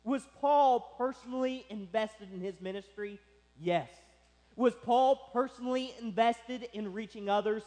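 A pastor preaching a sermon with emphatic stress, slowing down to press key words. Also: male voice, very high-pitched, mellow. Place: church sanctuary. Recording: long hall reverb.

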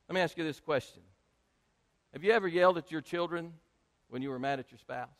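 A male pastor preaching a sermon to his congregation, speaking emphatically and rising to loud peaks. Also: on the high side, fairly quick. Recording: long hall reverb.

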